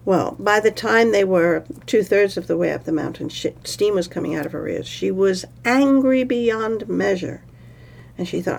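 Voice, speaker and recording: A woman telling a myth aloud in a relaxed, conversational way, with pauses and fillers. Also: mid-range voice, vocal fry. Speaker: storyteller. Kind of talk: oral storytelling.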